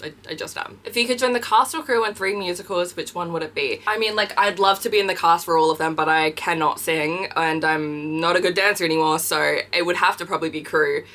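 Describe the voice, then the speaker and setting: Bubbly Australian woman, young, answering fan questions in a loose vlog chat with a crisp, bright tone. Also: fairly low pitch, brisk, hardly any pauses. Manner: chatty, bubbly, filler-heavy storytelling. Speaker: vlogger and party princess performer.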